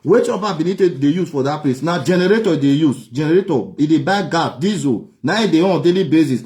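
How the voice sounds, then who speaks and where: Fiery high-voiced Nigerian man ranting. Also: animated, fairly quick, darkish tone. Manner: angry, repetitive, mocking. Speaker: online broadcaster. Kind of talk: heated political rant.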